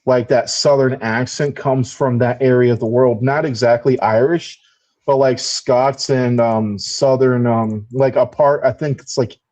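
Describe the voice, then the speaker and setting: A man's voice: medium pitch, steady tone, unhurried, darkish tone. An American man hosting a casual chat who talks in a profane, rambling way and laughs often. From United States. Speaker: podcast host.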